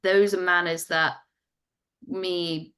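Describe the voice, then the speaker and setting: A woman's voice: lowish voice, little pitch movement, slow pace, sharp tone, smooth. A woman from England with an English accent, talking thoughtfully on a podcast and acting out everyday examples. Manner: thoughtful, explains with acted-out examples. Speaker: podcast guest or co-host. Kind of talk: casual conversational podcast talk.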